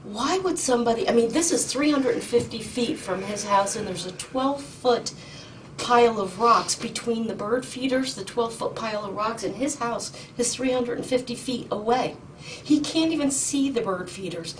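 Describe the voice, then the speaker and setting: Indignant woman testifying in court. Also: on the high side. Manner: urgent, indignant, halting with ums and restarts. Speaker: petitioner in court. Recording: distant mic with faint noise.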